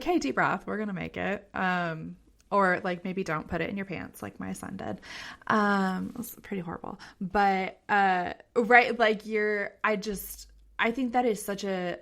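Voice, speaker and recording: A woman's voice: mid-range voice, a little slow, gravelly, fairly bright tone. A woman hosting a podcast interview, chatty and effusive, with many fillers and frequent laughter. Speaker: podcast host. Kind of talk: casual interview conversation.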